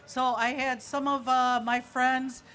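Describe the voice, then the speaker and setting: A woman from Michigan leading loud protest chants and speaking at an outdoor rally. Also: sits high, little pitch movement, faint music behind. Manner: leads loud chants, then speaks quickly.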